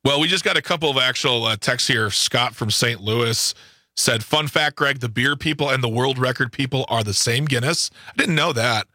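A man co-hosting a talk radio show, playful and quick to laugh. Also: mid-range voice, sharp tone, no echo, clean studio sound. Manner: playful, laughs often, goofy. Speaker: radio co-host. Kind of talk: casual radio banter. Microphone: studio microphone.

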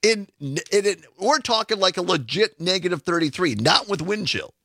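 A man's voice: sits high, lively intonation, normal speed, vocal fry, fairly bright tone, no echo, clean studio sound. A male radio host chatting casually, jokey, laughing often and leaning on "I mean" fillers.

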